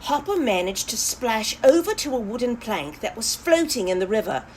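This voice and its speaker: Storyteller: high, lively woman, slow and warm read-aloud, faint hiss. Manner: animated, talks to young listeners.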